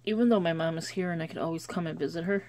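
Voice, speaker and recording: Casual woman vlogger, low-pitched, mellow, chatty and meandering. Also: rapid-fire. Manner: chatty, rambling, with restarts. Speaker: scripture-writing vlogger. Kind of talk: casual devotional vlog. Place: lives in Chicago.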